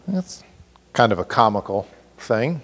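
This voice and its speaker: A man preaching an expository sermon as pastor, animated and acting out scripture characters with comic exasperation. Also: fairly low pitch, unhurried, big-room sound. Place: church sanctuary.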